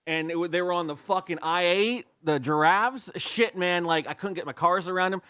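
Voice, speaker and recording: A man's voice: high voice, normal speed, few pauses, sharp tone, clear, resonant tone, no echo. Chatty man with a dry close sound. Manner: rambling, swears freely, acts out bits. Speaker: podcast co-host. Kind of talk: casual comedic chat.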